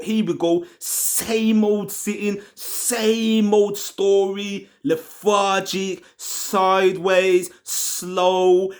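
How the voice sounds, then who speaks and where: A man hosting a fan channel, ranting in a swearing, slangy, exasperated way about his team. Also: high-pitched. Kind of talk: angry football fan rant.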